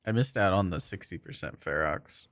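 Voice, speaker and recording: A man's voice: low-pitched, lively intonation, normal speed, a bit bright, no echo. A man streaming a game, chatting casually with viewers in a laid-back, joking way and chuckling often. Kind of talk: casual chat while playing and reading chat.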